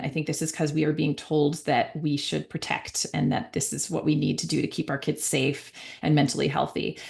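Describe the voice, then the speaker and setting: A middle-aged woman speaks in a low voice with a gravelly, creaky texture. She gives a conversational talk as an author, with frequent fillers and self-corrections. Now and then she slips into higher voices to act out a parent or a child. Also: darkish tone.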